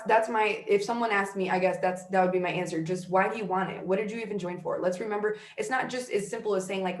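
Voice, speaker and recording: A woman's voice: medium pitch, reverberant. A woman in her thirties giving a fired-up motivational talk as a guest leader, casual and emphatic, full of "like". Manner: emphatic, conversational, fillers like "like". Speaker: guest network-marketing leader.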